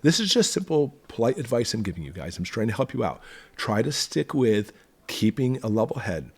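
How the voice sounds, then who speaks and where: Emphatic husky man with a lively voice. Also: fairly low pitch, fairly quick. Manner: emphatic, conversational. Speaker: survival channel host. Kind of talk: direct-to-camera talk.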